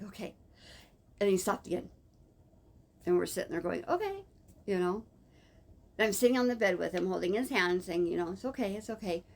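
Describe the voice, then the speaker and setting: A woman's voice: lowish voice, creaky, a little hiss or hum. A woman telling a personal story in a casual, rambling way, with many fillers and self-corrections. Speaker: vlogger.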